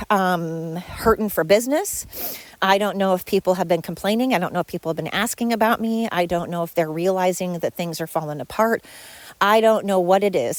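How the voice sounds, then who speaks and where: A middle-aged woman hosting her own podcast, venting sarcastically about former coworkers. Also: dry recording. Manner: venting, sarcastic, mimics others in high voices. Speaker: podcast host. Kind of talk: solo podcast rant.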